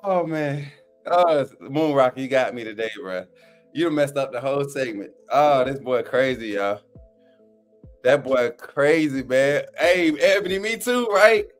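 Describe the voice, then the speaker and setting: A man's voice: mid-range voice, a little slow, soft background music. A man hosting a sports fan live stream in loose, slangy casual chat, often cracking up with laughter.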